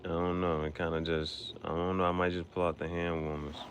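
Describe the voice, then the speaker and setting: A man with a low, deep voice talks to the camera in a loose, rambling way. He circles back over the same phrases and tosses in bits of other languages as he goes. There is a faint hum of noise behind him. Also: level tone, brisk. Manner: rambling, repeats himself, drops in foreign words. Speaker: podcast host. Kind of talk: casual rambling monologue.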